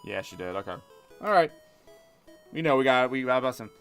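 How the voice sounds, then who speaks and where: A man streaming a video game, rambling in animated commentary and chatting with his viewers. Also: medium pitch, moderate pace, long pauses, music in the background. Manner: rambling, animated, talks to chat. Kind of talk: live gameplay commentary.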